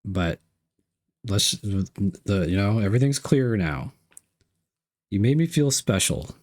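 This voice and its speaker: Low-voiced young man streaming live. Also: lively intonation, slow pace, a little mellow. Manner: playful, reads chat aloud, repeats himself. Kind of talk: live-stream chat while unboxing.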